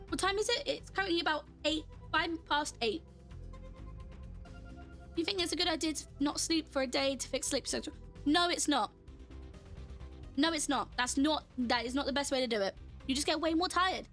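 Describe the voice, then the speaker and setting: A woman's voice: high-pitched, lively intonation, brisk, pauses often, a bit bright, soft background music. A woman streamer chatting casually while playing a game, laughing often and answering her chat as she goes.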